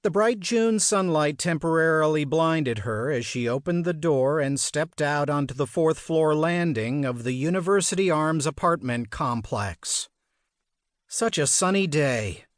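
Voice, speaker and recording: A man narrating an audiobook in a measured, expressive storytelling manner. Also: fairly high pitch, no echo, studio quality. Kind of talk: scripted narration.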